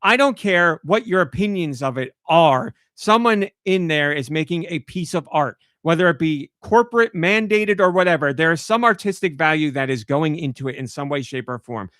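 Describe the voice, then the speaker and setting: A man's voice: fairly high pitch, moderate pace, hardly any pauses, dry recording, studio quality. A man hosting a podcast, ranting about a pet peeve and acting out his own reactions in casual chat. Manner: animated storytelling, acts out his own outbursts. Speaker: podcast host.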